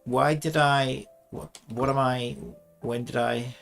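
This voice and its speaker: A man giving excitable, sarcastic live commentary while playing a video game. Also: mid-range voice, slow, vocal fry, faint music behind. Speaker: gaming streamer.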